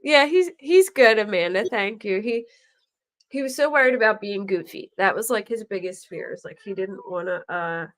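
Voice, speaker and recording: Speaking at normal speed with a medium-pitched voice, a middle-aged true crime podcast host keeps the chat casual. She's an animated storyteller who performs the quoted voices of the people in her tales.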